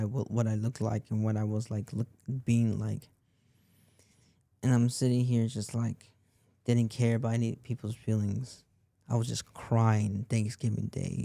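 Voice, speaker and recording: A young podcast host tells a personal story in a rambling way, repeating himself and using lots of "like." His voice is fairly low, creaky and dark in tone, on a dry recording.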